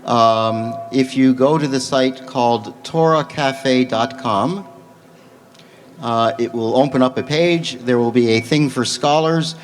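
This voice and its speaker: A man giving a lecture and answering audience questions in a measured, explanatory way. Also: mid-range voice, faint music behind. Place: large conference hall. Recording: long hall reverb.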